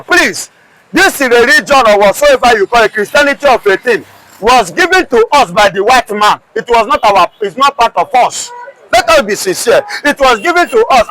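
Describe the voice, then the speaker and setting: Nigerian male pundit, high voice, heated and repetitive, light background hiss. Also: sharp tone, low-quality recording. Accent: Nigerian English. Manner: combative, repeats rhetorical questions. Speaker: commentator guest. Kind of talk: heated political commentary.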